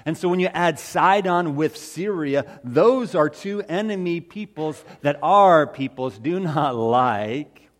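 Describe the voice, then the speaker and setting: A man playing the fisherman Peter, telling a Bible story in the first person in a folksy, conversational way that swings from loud to hushed. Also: on the high side, lively intonation, slow pace, few pauses. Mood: earnest. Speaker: storyteller in character.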